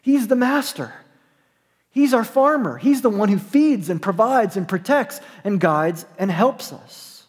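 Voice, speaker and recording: A man's voice: high-pitched, lively intonation, unhurried, long reverb tail. A man preaching a sermon as a pastor, earnest and emphatic, repeating and restarting his phrases.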